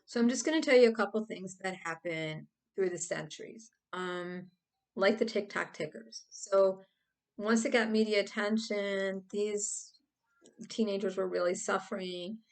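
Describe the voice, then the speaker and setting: Casual woman vlogger, mid pitch, rambly and animated, jumps into goofy little bits. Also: unhurried. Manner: animated, rambling, acts out silly examples. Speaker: video host. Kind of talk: casual explainer monologue.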